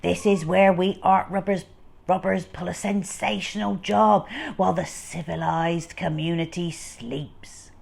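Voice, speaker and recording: A woman voicing a sneaky male art thief in a low hushed whisper, a whispered role-play from a storybook. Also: fairly even intonation, unhurried, heavily acted. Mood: scheming whisper. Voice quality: hushed and breathy.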